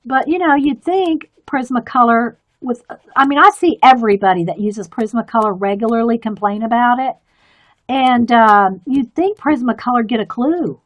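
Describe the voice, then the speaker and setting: A woman's voice: a little high, moderate pace. A woman chatting in a rambling, easygoing way and laughing often while she colors on a live stream. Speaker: artist streaming a coloring demo. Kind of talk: casual chat while drawing.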